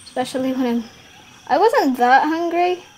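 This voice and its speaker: A woman giving casual gameplay commentary, giggling and rambling, trailing off mid-sentence and bursting into excited shouts. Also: high voice, normal speed, a little hiss or hum. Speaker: gaming YouTuber.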